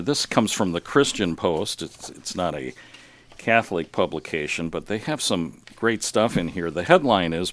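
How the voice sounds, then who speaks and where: Male radio host, very deep voice, folksy joke-teller, dry close sound. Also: no echo. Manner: folksy, tells jokes. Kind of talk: casual Catholic radio chat.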